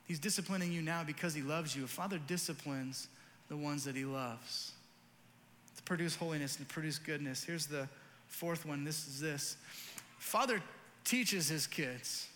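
A pastor in his forties preaching a sermon, earnest and emphatic, telling stories with lively energy. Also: on the high side, moderate pace, in a large hall, slight background noise.

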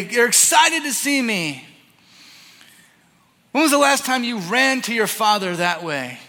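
Male pastor, 30s, high bright voice, earnest sermon delivery that rises loud and drops to a hush; reverberant hall. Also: a little slow, long pauses. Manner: earnest, animated, swings from loud to hushed.

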